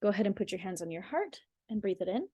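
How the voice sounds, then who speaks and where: Mellow-voiced woman coaching, dry sound. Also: medium pitch, sing-song, quick pace, slightly rough, dry recording. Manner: rambling, restarts and apologizes for digressions. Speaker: spiritual healing coach. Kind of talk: casual talk and guided visualization.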